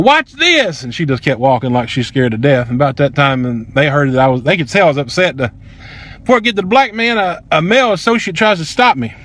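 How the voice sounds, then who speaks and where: A man's voice: on the high side, a bit bright. A man, angrily telling a personal story in a heated, profane, emphatic way. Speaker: vlogger.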